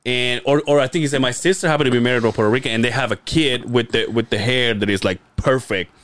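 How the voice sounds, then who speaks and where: Talking fast in a medium-pitched, somewhat bright voice, this man co-hosts a podcast and rambles through a long, crude story, laughing frequently in casual chat. The sound has no echo.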